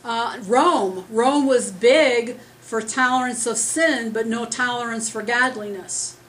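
A woman preaching an earnest, rambling sermon as she starts losing her voice, talking loud without a microphone. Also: fairly high pitch, slow, rough recording. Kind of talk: conversational sermon. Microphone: speaking loud without a microphone.

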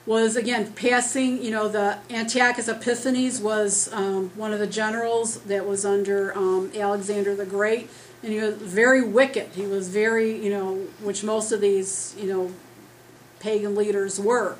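A woman preaching an earnest, rambling sermon as she starts losing her voice, talking loud without a microphone. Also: mid-range voice, fairly even intonation, normal speed, slight background noise, poor audio. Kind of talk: conversational sermon. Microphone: speaking loud without a microphone.

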